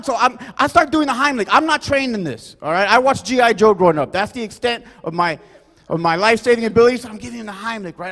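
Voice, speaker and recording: A man performing a rambling, loud stand-up set, forever adding "you guys" and "right?". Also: very high-pitched, animated, fast, big-room sound. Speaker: stand-up comedian. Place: comedy club stage.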